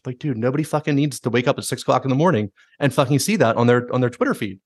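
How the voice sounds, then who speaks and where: Fast-talking, swearing male podcast host. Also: medium pitch, no room sound, studio quality. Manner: fast, animated, swears a lot, acts out quotes in jokey voices. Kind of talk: casual podcast chat.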